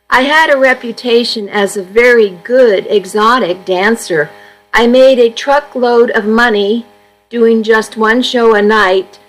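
A woman volunteer reading a first-person magazine story aloud for a radio reading service, in a steady, unhurried storytelling manner. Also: a little high, rough recording.

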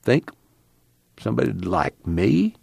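In a dry, clean studio recording, a man voices a whiny, self-pitying one-eyed drifter in a complaining drawl. His mid-range voice is pushed above his natural pitch, yet still sounds natural, with lively intonation at normal speed and a bitter mood.

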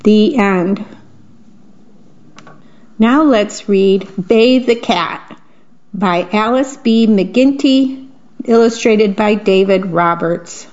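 A woman reading picture books aloud to children in a gentle manner, pausing to describe the pictures. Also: medium pitch. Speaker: storybook reader. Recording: dull lo-fi recording.

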